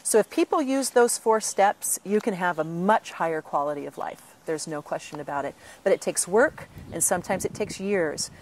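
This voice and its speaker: Woman, interview answer, earnest, lively quoted asides, slightly labored breathing. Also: fairly low pitch, moderate pace, hardly any pauses. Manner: earnest, with animated acted quotes. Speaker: author and patient advocate.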